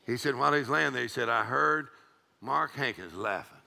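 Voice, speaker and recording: A middle-aged man preaching a charismatic sermon, breaking into loud shouts and rhythmic laughter. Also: medium pitch, animated, normal speed, gravelly.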